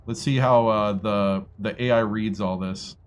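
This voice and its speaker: A man's voice: fairly low pitch, steady tone, unhurried. A man streaming a strategy game at his computer, chatting casually and muttering to himself as he tries out voices. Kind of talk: casual gameplay livestream chat.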